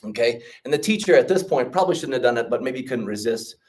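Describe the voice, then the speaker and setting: Animated guy teaching an orientation class, tells stories, keeps asking okay? right?, voice swings up and down a lot. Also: medium pitch, fast talker, distant mic. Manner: animated, checks in often with 'okay?' and 'right?'. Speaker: trip leader and teacher. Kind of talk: orientation talk with storytelling.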